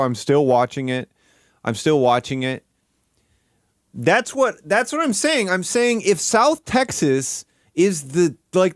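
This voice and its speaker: A man's voice: fairly high pitch, no room sound, studio quality. Profane rambling male streamer. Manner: rambling, profane, heavy use of "like". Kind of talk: casual livestream rant.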